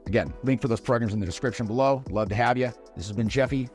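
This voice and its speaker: A man's voice: mid-range voice, fast, faint music behind. A man coaching on social skills in a conversational teaching talk, often checking in with "right?" as he explains. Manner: conversational, often adds "right?" tag questions. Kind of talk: instructional talk to camera.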